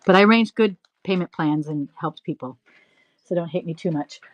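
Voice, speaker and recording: A middle-aged woman hosting a live resale stream, rambling through animated stories and laughing often. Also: fairly low pitch, moderate pace, muffled recording. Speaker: live-stream reseller host. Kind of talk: chatty live-selling stream.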